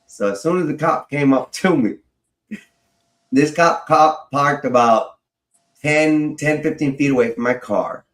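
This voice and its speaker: A man with a fairly high voice tells a personal story in a relaxed, casual way. He swears freely and laughs as he goes. His voice sounds roomy, with a clear echo around it. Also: measured pace. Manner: animated, swears freely, laughs while telling.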